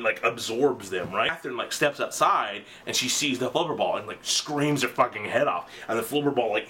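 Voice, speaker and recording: A young man casually retelling a story in an animated, profane, rambling way. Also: fairly high pitch.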